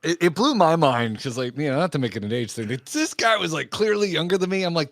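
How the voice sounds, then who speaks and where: A man hosting a podcast, chatting casually and telling relaxed anecdotes, acting out the quotes. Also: on the high side, fast talker, hardly any pauses, dry recording, studio quality. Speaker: podcast host.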